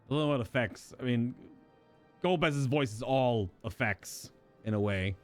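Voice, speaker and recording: A man's voice: medium pitch, unhurried, soft background music. A man hosting a game reaction, musing aloud with self-correcting asides. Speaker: gaming reaction host. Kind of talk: casual reaction commentary.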